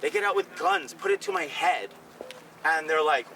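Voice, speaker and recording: A man's voice: a little high, normal speed, gravelly, distant mic, rough recording. A comedian telling stories in casual talk on a city walk, acting out the voices of the people he quotes. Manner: animated, acts out quoted voices. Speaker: comedian and podcast co-host. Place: outdoors on city streets.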